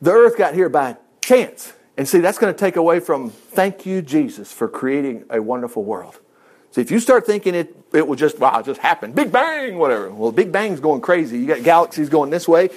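Animated, high-voiced man teaching. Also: a little fast. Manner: folksy, animated, chuckles often. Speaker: Bible teacher. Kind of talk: informal Bible study teaching.

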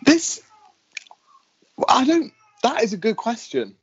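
A man co-hosting a casual podcast, chatty and quick to laugh, often restarting his sentences. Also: mid-range voice, lively intonation, muffled recording. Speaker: podcast co-host.

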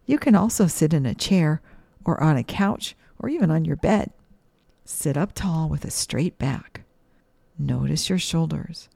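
A woman gently leading children through a breathing and mindfulness meditation, asking soft questions. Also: deep voice, gravelly, no room sound. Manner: slow, soothing, gently questioning. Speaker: mindfulness teacher for kids.

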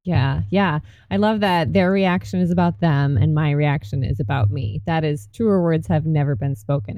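A woman's voice: low-pitched, mellow, no echo. A woman hosting a casual conversation, emphatic and affirming as she builds on her guest's points.

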